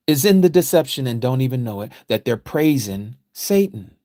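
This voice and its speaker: A man teaching a livestreamed scripture lecture, preaching emphatically and repeating phrases, his voice swinging from quiet to loud. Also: medium pitch, sing-song, moderate pace, hardly any pauses, no room sound, clean studio sound. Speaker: Bible study teacher.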